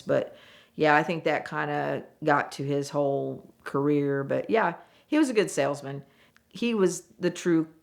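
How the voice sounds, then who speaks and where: Low gravelly woman telling a story. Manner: animated, acts out what people said. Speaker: former car saleswoman. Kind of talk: casual storytelling.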